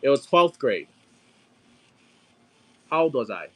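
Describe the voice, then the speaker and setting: Speaking slowly in a medium-pitched voice, a thirtysomething live-stream auction seller chats as he sells. He's a profane, animated storyteller who keeps calling out sale numbers along the way.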